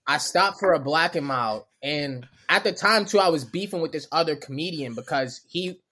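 A man, a comedian guest, telling a story on a podcast in animated, profane street slang. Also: a little high, moderate pace. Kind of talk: storytelling in casual chat.

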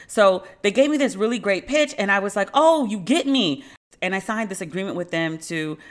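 A woman's voice: on the low side, a bit bright. Sardonic woman podcast host. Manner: candid, slangy, sardonic. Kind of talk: casual storytelling monologue.

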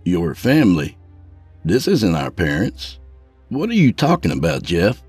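A man's voice: low voice, wildly swooping pitch, measured pace, a little mellow, husky, no room sound, soft background music, heavily acted. Nervous, pleading brother, read by the male narrator for a horror tale. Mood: anxious. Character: anxious, shaken adult brother.

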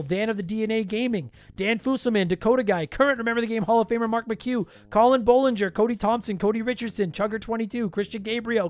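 High-voiced tired male podcast host. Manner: joking, self-deprecating, rapid list reading. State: tired, losing his voice. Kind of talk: casual podcast outro, reading patron names.

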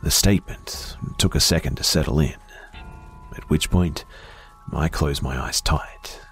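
A man slowly narrating a first-person horror story in a hushed voice that often drops to a whisper. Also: rumbling low, faint music behind.

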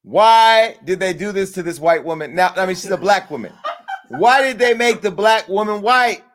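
A brash man with a high voice hosts comedy commentary, delivering a crude comic rant at a moderate pace. He's animated, swinging between loud outbursts and low mutters.

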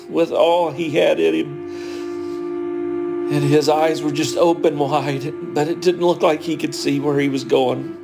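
Male coworker interviewee, a bit high, even flat tone, plain talk, music under. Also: moderate pace, creaky. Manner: plain-spoken, repeating phrases as he retells. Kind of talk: recounted interview testimony.

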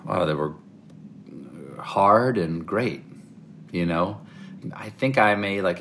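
A man from the American South, answering interview questions with animated, rambling stories full of restarts. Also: low-pitched, a little hiss or hum. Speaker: interview guest.

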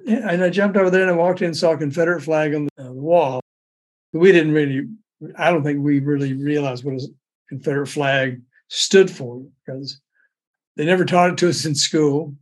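A man's voice: a little high, moderate pace. An older man, raised in Memphis, telling a long rambling anecdote, laughing and restarting as he goes. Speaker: storyteller guest.

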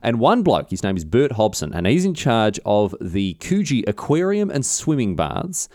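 A man's voice: fairly low pitch, very animated, normal speed, a little mellow, dry recording, studio quality. A man with an Australian accent hosting a comedic history podcast, rambling and mock-indignant, swearing casually as he tells the story. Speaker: podcast host.

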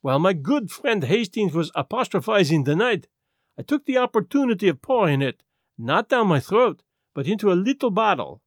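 A man's voice: high-pitched, very animated, no echo, studio quality. Poirot, a man doing a placid, precise little detective. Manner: gentle, precise, deliberate.

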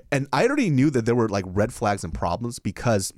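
Fast, animated man telling a story. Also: no echo, studio quality. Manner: animated, profane, laughing storyteller who jumps high in pitch for quoted voices. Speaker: podcast host and stand-up comic. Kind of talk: casual storytelling chat.

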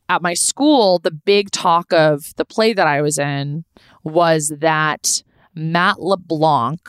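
A woman in her thirties from Los Angeles, chatting on a podcast and telling a lively, swearing story. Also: low voice, clean tone, dry recording, studio quality. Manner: animated, swearing, laughing storyteller. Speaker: podcast host. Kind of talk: casual storytelling chat.

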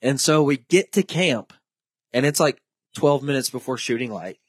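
Young man, animated storyteller, mid-range voice, dry close sound. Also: medium pitch, normal speed, slightly rough, no echo. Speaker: podcast host. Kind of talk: casual storytelling chat.

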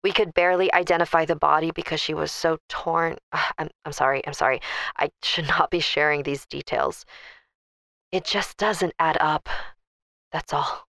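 A woman's voice: sits low, steady tone, creaky, fairly bright tone, no room sound. A woman voicing an anxious, grieving older mother who speaks hesitantly in a horror story. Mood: uneasy. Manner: hesitant, halting.

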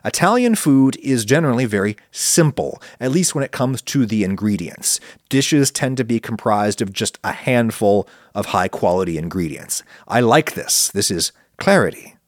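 Animated man, wide-swinging pitch. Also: moderate pace, few pauses, no room sound, clean studio sound. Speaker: podcast host answering listener questions. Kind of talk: casual spoken monologue.

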